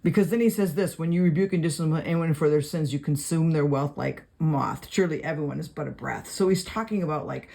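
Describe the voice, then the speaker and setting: Here a Bible study teacher talks through verses in an informal video, reading them out and explaining them loosely with many fillers as he writes notes. His medium-pitched voice is gravelly yet mellow, and he moves briskly with hardly any pauses.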